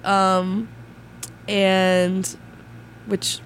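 A woman's voice: medium pitch, completely flat delivery, drawn-out words. A young woman co-hosts a chatty radio show, laughing easily at herself. A cold leaves her voice stuffy and nasal. Faint room noise hums under her mid-range voice. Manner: giggly, self-deprecating. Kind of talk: casual chat.

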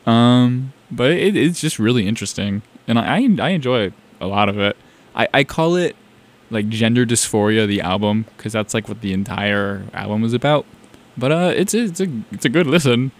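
A young man from South Carolina hosts a music show, rambling enthusiastically about songs he just played in casual radio chat. His mid-range voice is expressive and moves at normal speed.

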